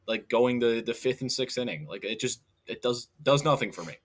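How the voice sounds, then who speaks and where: A young man co-hosting a casual sports podcast, relaxed and quick to laugh, picking up viewers' chat comments. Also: mid-range voice. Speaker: podcast co-host.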